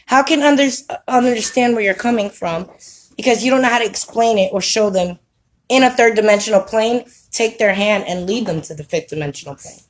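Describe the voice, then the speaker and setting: A woman's voice: a little high, brisk, low-quality recording. A woman giving a casual spiritual talk to camera at home, preachy and streetwise, who keeps checking with "you know what I mean?". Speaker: spiritual vlogger. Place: home with children around.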